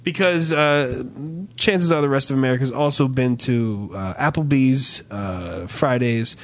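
A young adult man co-hosting a podcast, telling stories in a profane, animated, ranting way. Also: mid-range voice, unhurried. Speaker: podcast co-host. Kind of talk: casual comedic chat.

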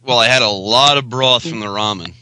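A man's voice: mid-range voice, fairly quick, bright, forceful tone, smooth, no echo. A man co-hosting a podcast in laid-back, joking, profane banter from a home laptop setup. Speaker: podcast co-host. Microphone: laptop podcast mic at home.

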